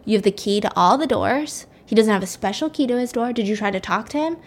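A woman's voice: a little high, animated, quick pace. A woman voicing a stern, cold older female hospital director who interrogates a young doctor bluntly.

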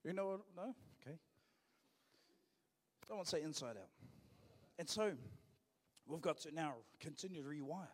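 A man's voice: fairly high pitch, normal speed, pauses often. A man with a New Zealand accent, a pastor preaching a sermon in a casual, emphatic way, repeating his phrases for stress. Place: church auditorium. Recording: long church hall reverb.

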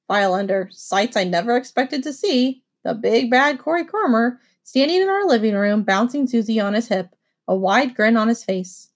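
A woman's voice: fairly high pitch, normal speed. Woman reading a children's novel aloud. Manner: expressive first-person narration. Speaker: audiobook reader.

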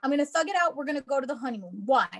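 A woman's voice: high-pitched, animated, rapid-fire, a bit bright. A woman co-hosting a podcast in casual chat, blunt and emphatic, swearing freely. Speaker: podcast co-host.

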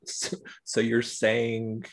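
A man co-hosting a casual podcast over a video call, laughing often and speaking in quick bursts. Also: mid-range voice, monotone. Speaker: podcast co-host. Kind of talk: casual chat.

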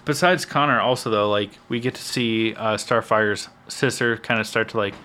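A young man with a lowish voice talks through a show episode in a relaxed, meandering way. He often trails off mid-thought before picking the point back up. This is easygoing podcast chat between friends. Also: moderate pace. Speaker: podcast co-host. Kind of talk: casual chat reviewing a TV episode.

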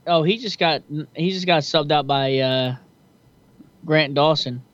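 A man's voice: on the high side, measured pace, fairly bright tone. A man co-hosting a casual fight-pick chat, loose, profane and chatty. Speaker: podcast co-host. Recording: dull lo-fi sound.

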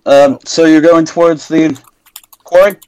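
A man's voice: a little high, steady tone, a little mellow, low-quality recording. Hesitant young man running a tabletop game. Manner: halting, many ums and self-corrections. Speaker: game master.

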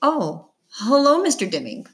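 A woman's voice: a little high, sing-song, a little slow, pitched above the performer's own voice. A woman reading the lines of a protective mother who speaks curtly and sharply in an audiobook. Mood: angry. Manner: curt and sharp. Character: upset, protective mother, middle-aged woman.

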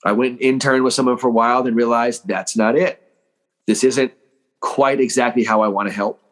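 A mental training coach speaking in an emphatic, animated way, acting out quoted voices while telling how he found his calling. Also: medium pitch, fairly quick. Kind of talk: motivational interview talk.

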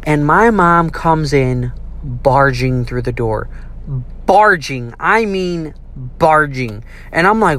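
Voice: medium pitch, slow pace. A young adult casually telling a childhood story, swearing freely and acting out the people in it. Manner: profane, animated, acts out quotes.

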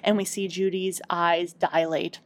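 A young woman chats through an episode recap as a podcast co-host. She swears freely and breaks into laughter often, telling scenes at a brisk clip. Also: on the low side, flat delivery. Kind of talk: casual recap chat.

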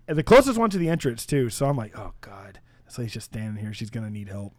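A man's voice: mid-range voice, sing-song, very fast, a little mellow, no echo, studio quality. A man co-hosting a podcast, telling a story in casual chat, laughing often and acting out the voices of the people in it. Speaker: podcast co-host.

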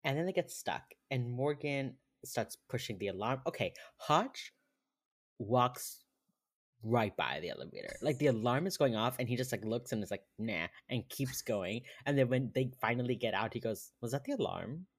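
A man's voice: medium pitch, lively intonation, moderate pace. A man co-hosting a podcast in casual chat, recapping an episode in a laid-back way and often chuckling. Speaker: podcast co-host.

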